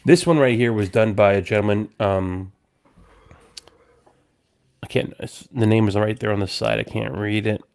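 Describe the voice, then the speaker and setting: A man's voice: fairly low pitch, moderate pace, gravelly, long pauses, darkish tone. A man in his thirties, slightly drunk and slurring, rambling with restarts as a casual podcast host. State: tipsy, slurring. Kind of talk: casual chat.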